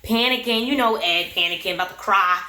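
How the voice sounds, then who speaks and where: A woman's voice: mid-range voice, fairly quick, sharp tone, echoey room, a little hiss or hum. A woman casually recapping a reality TV episode, opinionated and slangy, often breaking into laughter. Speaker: recap and review vlogger.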